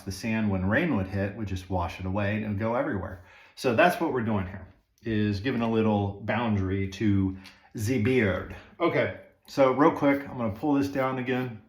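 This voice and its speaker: Guy chatting while he trims his beard, kinda low voice, lots of ums, echoey bathroom. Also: moderate pace. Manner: rambling, with fillers and asides. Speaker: beard-grooming vlogger. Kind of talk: casual how-to talk while trimming. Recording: echoey room.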